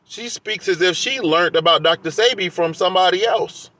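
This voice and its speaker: Male vlogger, fairly high-pitched, heated defensive rant. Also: normal speed, pushed and bright. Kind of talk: casual rant to camera.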